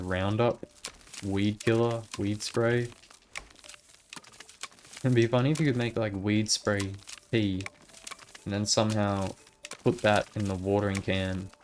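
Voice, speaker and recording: With a little background noise behind him, a man with a lowish voice keeps up a muttered, casual commentary as he plays through a video game for his gaming channel.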